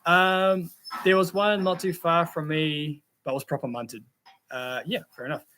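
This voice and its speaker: A man's voice: on the high side, little pitch movement, unhurried, pushed and bright, a little hiss or hum. An Australian man hosting a casual livestream, reading out chat comments and telling rambling car stories in a laid-back way. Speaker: livestream host.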